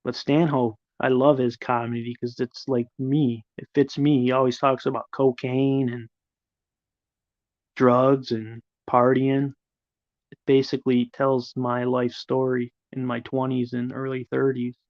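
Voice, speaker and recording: A man's voice: mid-range voice, little pitch movement, unhurried, no echo, dull audio. A middle-aged man hosting a livestream, chatting casually with viewers in a rambling, profane way. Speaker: livestream host. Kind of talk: casual live chat, answering viewers.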